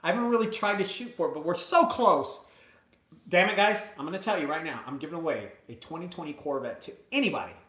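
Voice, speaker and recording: A man hosting a live video from his mother's house, chatting casually and excitedly to viewers, rambling between hype and emotion. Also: a little high, fast, echoey room. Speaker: junk removal business owner hosting a live video.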